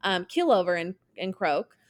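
A woman's voice: on the low side, big pitch swings, normal speed. Chatty young woman, laughing often. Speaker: podcast co-host. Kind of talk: casual chat.

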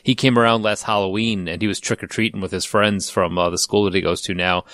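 A man's voice: fairly low pitch, steady tone, fast talker, a bit bright, no room sound, studio quality. A man chatting casually as a podcast host, rambling into stories and laughing often. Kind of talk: casual chat.

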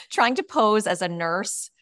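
A woman who writes and coaches tells a personal story as a podcast guest, earnest and frank, using many "you know" and "like" fillers. Her medium-pitched voice is expressive, slow, and a bit bright. The studio sound is clean with no room sound.

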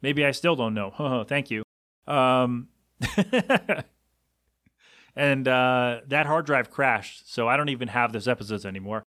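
A man's voice: mid-range voice, moderate pace, pushed and bright, dry recording. A man in his thirties talking alone on his podcast, rambling and self-deprecating, full of "uh" and "like." His voice sits in an ordinary middle range. The recording is dry and close, with no room sound. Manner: rambling, self-deprecating, loose storytelling with many fillers. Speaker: podcast host and radio host. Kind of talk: casual solo podcast rambling.

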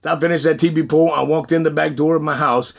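A man telling his testimony in an animated, folksy way, often laughing and repeating words. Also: fairly high pitch, fast talker, gravelly. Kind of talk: animated storytelling.

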